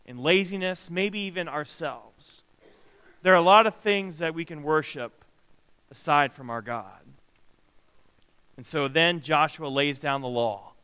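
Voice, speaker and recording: Guy preaching a sermon, high bright voice, echoes around a big church. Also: clear, resonant tone. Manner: emphatic, reading scripture aloud with pauses.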